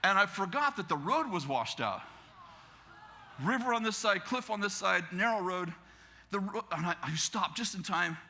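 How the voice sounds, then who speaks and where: A man in his fifties with an American accent, a pastor telling a story in a sermon, animated and laughing as he acts out the other people in it. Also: high-pitched, moderate pace, a little hiss or hum. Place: church sanctuary.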